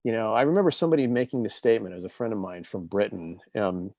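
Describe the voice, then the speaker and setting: A man in his fifties with a lowish voice tells stories as an interview guest, in an earnest and reflective tone. The sound is dry and close, with no room around it. He talks in a loose, casual way. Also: quick pace, dark tone, no room sound. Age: 50s. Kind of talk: casual conversational storytelling.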